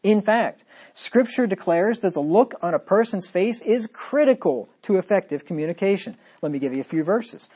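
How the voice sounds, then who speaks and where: A man delivers a sermon, reading scripture aloud in a firm voice. His talk swings between loud, emphatic points and quiet, sarcastic asides. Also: sits high, animated, moderate pace, breathy edge. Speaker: preacher.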